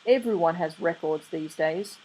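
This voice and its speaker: A woman voicing a sardonic, touchy male demon who talks in a snappish, exasperated way, with a breathy voice. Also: on the low side, moderate pace, darkish tone, low-quality recording.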